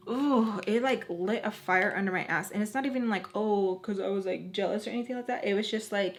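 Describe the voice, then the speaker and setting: A young woman vlogger telling a personal story in casual chat, animated and blunt, acting out what others said. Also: mid-range voice. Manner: animated, acts out quotes, swears freely. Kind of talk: casual storytime while doing makeup.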